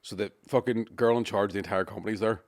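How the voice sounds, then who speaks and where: A man tells a rowdy tale on a podcast, swearing freely and bursting into loud voices for the people in his story. The recording is close and dry, with no room sound. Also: lowish voice, fast talker, no echo. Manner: swears a lot, lively storytelling with shouted impressions. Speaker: comedian podcast co-host. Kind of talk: casual storytelling chat.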